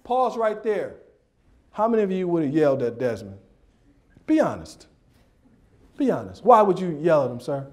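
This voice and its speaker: A man from Detroit tells funny stories in a speech at a banquet dinner. His voice sits high, and he acts out the voices of the people in his stories. He often climbs into playful shouts. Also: very animated, moderate pace, long pauses. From Detroit, USA. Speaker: motivational speaker. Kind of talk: humorous storytelling speech.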